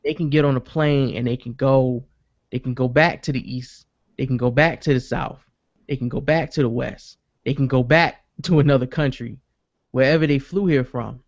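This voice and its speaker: A podcast host tells a story with energy on a casual chat show, swearing freely and acting out what people said. His voice is mid-range at a moderate pace, and the recording sounds dry and dull.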